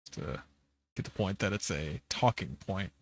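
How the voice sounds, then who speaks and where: A man's voice: low voice, expressive, normal speed. A tired man streaming while he edits a video, rambling casually and searching for words. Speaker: streamer editing his video. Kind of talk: casual live commentary.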